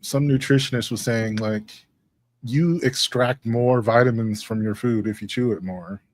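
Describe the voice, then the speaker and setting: A man's voice: medium pitch, measured pace, dry recording. Man, co-host, easygoing amused talk, dry sound. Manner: relaxed, amused, casual swearing. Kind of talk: casual comedic chat.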